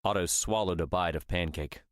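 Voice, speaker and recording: A man narrates an audiobook in a steady, even reading. His voice is very low. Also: normal speed, no echo, studio quality. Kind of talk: scripted narration.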